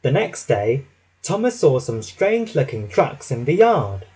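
A man narrating a children's storybook slowly and expressively, his pitch rising and falling a lot. His voice is slightly husky and breathy. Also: sing-song, a little mellow, low-quality recording. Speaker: storybook reader.

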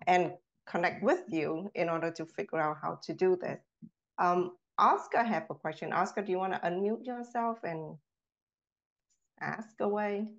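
Woman moderator on a dull-sounding line. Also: lowish voice. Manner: polite, inviting. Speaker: webinar moderator. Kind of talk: moderating a webinar.

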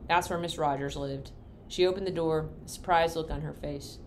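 A woman reading a novel aloud in a folksy, unhurried storytelling manner. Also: sits low, fairly even intonation, slight background noise. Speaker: reader.

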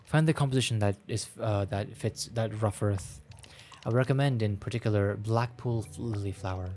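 A man voicing a gentle, patient old grandfather in a game, speaking in a slow, measured, solemn way. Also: on the low side, a little hiss or hum, natural voice.

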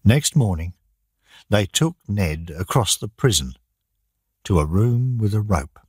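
Deep, husky man reading slowly. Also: lively intonation, a little mellow, dry recording, clean studio sound. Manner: slow, plain, deliberate reading for learners. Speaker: narrator. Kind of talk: graded-reader audiobook narration.

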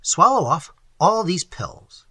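A man narrating an audiobook and putting on a suave highwayman who mocks his victims with unruffled politeness. The voice swings widely and lively in pitch, with a bright, breathy tone. It sits close and dry. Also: slow, no echo, full character voice. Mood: coolly mocking. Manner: suave, mock-polite, unflappable. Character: cool mocking gentleman highwayman, adult male.

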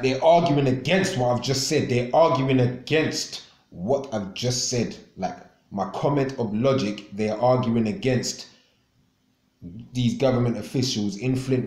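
Male radio host on an angry, sweary rant, mid-pitched voice, echoey room. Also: a little slow, darkish tone. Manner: angry, profane, repetitive. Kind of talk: ranting monologue.

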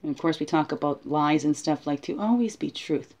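Low-voiced woman musing aloud as a spiritual guide. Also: fairly quick, darkish tone. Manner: tags many sentences with "right?". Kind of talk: casual reflective teaching talk.

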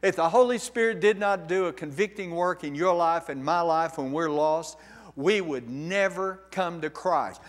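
A man's voice: on the high side, moderate pace. A man preaching a sermon as pastor, emphatic and direct, asking his congregation rhetorical questions. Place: church sanctuary. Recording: long reverb of a church hall.

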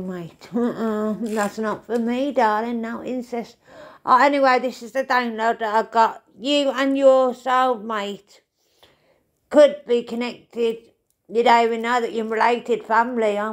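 A woman's voice: fairly high pitch, steady tone, measured pace. Rambling, foul-mouthed woman. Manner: rambling, swears often, calls listeners mate and darling. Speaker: tarot reader. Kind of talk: casual spiritual reading to camera.

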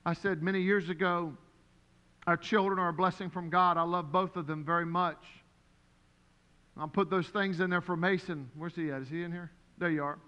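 Animated preacher in a reverberant church. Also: male voice, high voice, normal speed, clear, resonant tone, dull audio. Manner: animated, storytelling with acted-out voices. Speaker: pastor. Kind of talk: sermon. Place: church sanctuary. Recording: long hall reverb.

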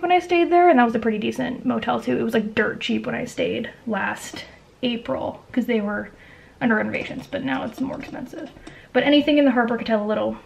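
A young Canadian woman vlogging in a quick, chatty way, full of fillers and asides, giving travel tips to camera. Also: fairly high pitch, creaky. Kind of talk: casual chat to camera.

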